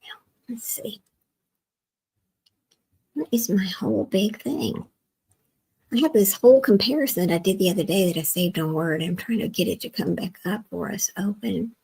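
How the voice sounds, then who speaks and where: A woman's voice: medium pitch, normal speed, creaky, pauses often, mellow, husky, poor audio. A woman hosting a livestream in a casual chat, talking to herself while she works her screen, often dropping to a near whisper. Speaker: livestream host.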